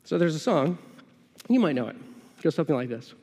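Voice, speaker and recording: A man preaches a sermon in a chatty, conversational tone, slipping into the imagined voices of his listeners. His voice sits high for a man. A long reverb trails behind him as if in a large hall. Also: sing-song, fast talker, warm tone, breathy edge. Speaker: pastor.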